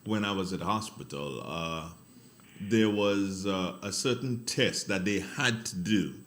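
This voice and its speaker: A man's voice: low-pitched, a little slow, fairly bright tone. A man with a Grenadian accent hosting a morning radio show, chatting casually, rambling and correcting himself as he goes. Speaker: radio host. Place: radio studio.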